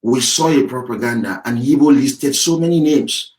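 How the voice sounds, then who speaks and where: Guy doing a fired-up campaign talk, mid pitch, repeats himself a lot, gets shouty. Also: moderate pace, rough recording. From Nigeria (Yoruba). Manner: emphatic, repetitive, rising to shouts. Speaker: activist campaigner. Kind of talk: impassioned campaign monologue.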